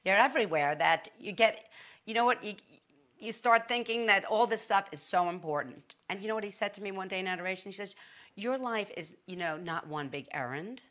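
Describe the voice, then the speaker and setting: A middle-aged woman chatting as an interview guest, lively and full of restarts. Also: mid-range voice, a little fast. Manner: chatty, animated, with many restarts. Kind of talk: casual testimony.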